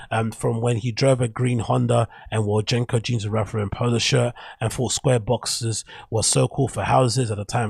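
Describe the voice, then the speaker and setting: A man's voice: medium pitch, creaky, a little mellow, breathy edge, no room sound. A man hosting a podcast, rambling through casual, opinionated commentary and reading an article aloud with stumbles and self-corrections. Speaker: podcast host.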